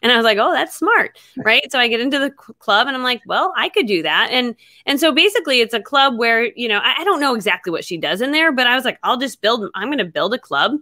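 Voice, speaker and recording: Middle-aged woman talking fast and bubbly on a podcast, bright voice. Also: a little high, animated, dry recording, studio quality. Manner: bubbly, quick, laughs often. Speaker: guest author. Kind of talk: casual podcast chat.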